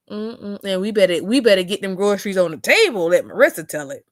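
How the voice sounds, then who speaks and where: A woman's voice: mid-range voice, animated, a little fast, hardly any pauses, no room sound, studio quality. A young adult woman hosting a casual livestream, reading chat comments aloud with sassy drawling asides.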